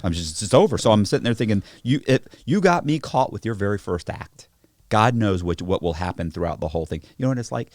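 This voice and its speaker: A man telling stories in casual podcast chat, profane and animated, acting out the people in them. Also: lowish voice, fast, dry recording, studio quality. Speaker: podcast guest. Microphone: podcast studio mic.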